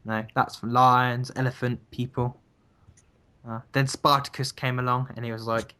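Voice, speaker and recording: A man's voice: medium pitch, little pitch movement, normal speed, bright, forceful tone, clear, resonant tone. A young man co-hosting a casual podcast over a voice call, rambling and hesitant as he muses. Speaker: podcast co-host. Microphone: computer mic on a voice call.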